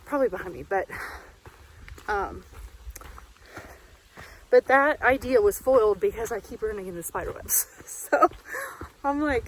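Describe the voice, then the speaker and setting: A woman's voice: medium pitch, a little hiss or hum, rough recording. Breathless woman vlogging on a trail. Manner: chatty, rambling, quick to laugh. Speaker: vlogger hiking solo. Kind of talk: casual vlog monologue. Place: outdoors on a wooded trail.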